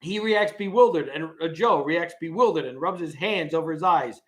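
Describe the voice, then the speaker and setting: A man's voice: on the high side, normal speed, fairly bright tone. A man hosting a casual live stream, reading a script aloud with its stage directions and chuckling often.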